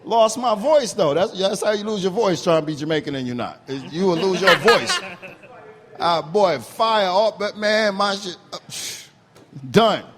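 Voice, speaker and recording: A man, a comedian, telling an animated story on a radio talk show, laughing often, his voice worn and rough. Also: sits high, moderate pace, big-room sound. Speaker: comedian guest.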